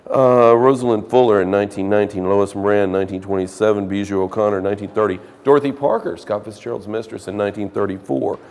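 A man's voice: on the low side, steady tone, fast, hardly any pauses, a little mellow, in a large hall. A man teaching a literature class, lecturing casually and reading passages aloud with dramatic emphasis.

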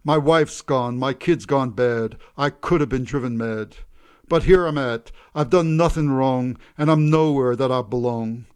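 A man's voice: mid-range voice, measured pace, smooth, lightly acted. A man voicing a deserted man lamenting his lost wife and son in rhymed street speech, in a read-aloud poem. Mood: bitter. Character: abandoned middle-aged man singing his blues.

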